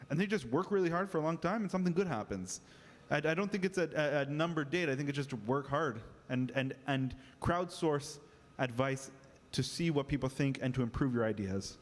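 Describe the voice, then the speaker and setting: A man on a panel giving blunt, encouraging advice. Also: a little high. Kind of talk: panel discussion. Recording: long hall reverb.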